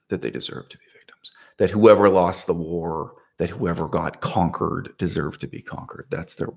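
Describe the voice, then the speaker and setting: A man's voice: sits low, gravelly, darkish tone, husky. A man talking to camera in a casual, unscripted monologue, rambling with restarts and asides. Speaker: video essayist.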